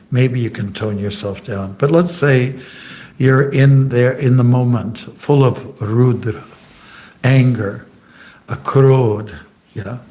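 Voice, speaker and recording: A monk giving an informal scripture class in a temple hall, telling anecdotes, joking and quizzing the audience. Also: male voice, mid-range voice, a little mellow. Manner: chatty and joking, asks the audience questions.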